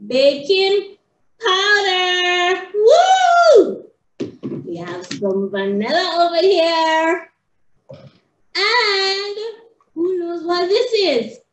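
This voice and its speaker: A woman teaching young children in a sing-song, excitable way, recorded indoors. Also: very high voice. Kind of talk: animated lesson for young children. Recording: roomy, slightly dull home video.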